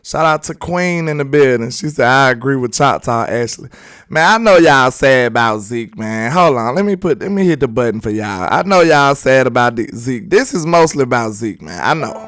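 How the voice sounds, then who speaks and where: A man's voice: medium pitch, lively intonation, normal speed, a bit bright, no room sound. A young man from Alabama with a Southern US accent, hosting live sports talk in a loose, joking, slangy way while reading viewer chat.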